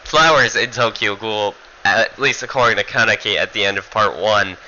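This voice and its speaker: A man's voice: fairly low pitch, moderate pace, bright, forceful tone, muffled recording, slight background noise. A man giving a casual, rambling manga review, full of fillers and swearing.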